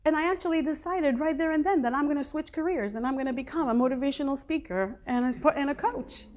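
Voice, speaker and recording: A woman's voice: high voice, fast, a little mellow, slight background noise. A middle-aged woman motivational speaker telling her personal story to a live audience, emphatic and dramatic.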